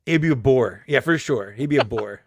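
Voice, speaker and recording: Gravelly, laughing man chatting. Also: mid-range voice, expressive, brisk, no echo, clean studio sound. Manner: laughs often, jokey and self-mocking. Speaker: guest. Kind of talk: casual chat.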